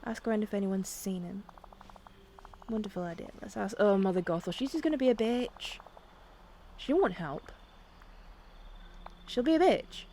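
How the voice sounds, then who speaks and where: A woman's voice: mid-range voice, moderate pace, pauses often, mellow, slight background noise. A woman streaming a game, chatting casually, swearing freely and reading dialogue aloud. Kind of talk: casual gaming stream chat. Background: faint game music.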